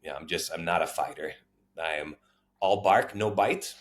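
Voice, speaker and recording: Deep-voiced man telling a story. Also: normal speed. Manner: animated, acts out quoted voices. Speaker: former child welfare social worker. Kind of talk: storytelling interview.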